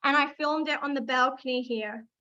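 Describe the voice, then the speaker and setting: A high, bright-toned Australian woman teaches a live online masterclass as a social media coach. She is eager, hammers key phrases by repeating them, and keeps calling on the chat. Her voice comes through slightly dull, lo-fi livestream audio. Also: moderate pace.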